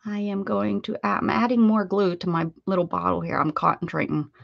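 A chatty woman greets viewers one by one on her art livestream, playful and quick to laugh. The sound is dull and dry, close and slightly muffled. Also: mid-range voice, flat delivery, gravelly, no echo. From United States. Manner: chatty and playful, laughs often, sings short welcome jingles. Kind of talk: casual chat greeting viewers.

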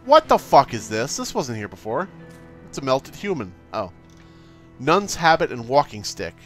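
A man doing let's play commentary, exasperated, swearing a lot and reading the game's options out loud. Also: medium pitch, big pitch swings, moderate pace, soft background music. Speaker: gaming YouTuber.

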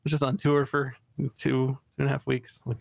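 Excitable man, dry close sound. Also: medium pitch, normal speed, creaky, no echo. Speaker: podcast co-host. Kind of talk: casual storytelling chat.

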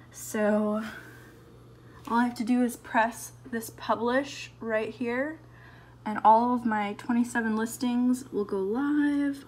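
A woman artist chatting casually in a home vlog, excitable and full of fillers, recorded on a phone in an apartment. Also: on the high side, a little slow, poor audio. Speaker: artist vlogger.

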